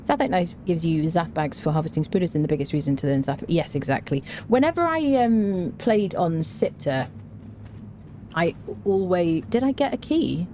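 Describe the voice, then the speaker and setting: A woman's voice: low-pitched, normal speed, mellow, a little hiss or hum. A woman streaming a game, giving chatty live commentary, talking to her chat and humming to herself as she plays.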